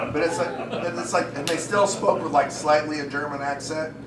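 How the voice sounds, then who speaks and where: A man performing live improv comedy, animated and laughing, with some swearing. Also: a little high. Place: stage at a comedy festival. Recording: roomy, distant mic, loud crowd noise.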